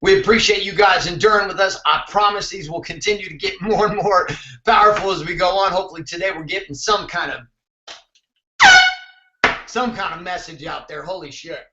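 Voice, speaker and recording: A man's voice: high-pitched, a little fast, reverberant, muffled recording, heavy background noise. A man hosting a motivational show, talking intensely and emphatically, with some swearing. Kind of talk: motivational talk to camera.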